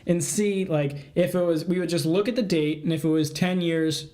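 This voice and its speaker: A young man with a fairly high voice chats on a podcast. He is an animated storyteller who laughs often and acts out the people in his stories. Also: normal speed. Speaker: podcast co-host. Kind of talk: casual chat.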